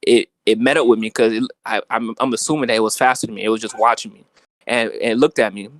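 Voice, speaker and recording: A man's voice: on the low side, fast, no room sound. Slangy young man telling a story. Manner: slangy, animated, filler-heavy. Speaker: guest telling a dream. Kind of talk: casual storytelling chat.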